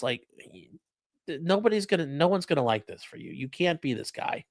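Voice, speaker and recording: A man's voice: medium pitch, very animated, brisk, dry recording, studio quality. A man hosting a casual livestream, talking bluntly with profane, mocking asides. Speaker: livestream host and lawyer.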